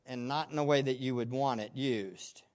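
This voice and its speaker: A man's voice: mid-range voice, moderate pace, darkish tone, lo-fi sound. A man preaching a sermon as pastor, earnest and asking the congregation rhetorical questions.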